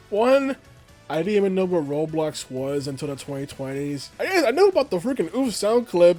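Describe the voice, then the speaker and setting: Young man, higher-pitched voice, casual rambling commentary, soft music underneath. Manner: rambling and conversational, filler phrases. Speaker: video essay creator. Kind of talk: casual commentary video essay.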